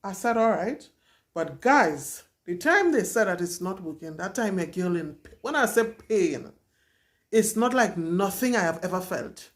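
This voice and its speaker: A woman's voice: medium pitch, lively intonation, measured pace. A young woman, candidly and dramatically retelling her own story to camera as a vlogger.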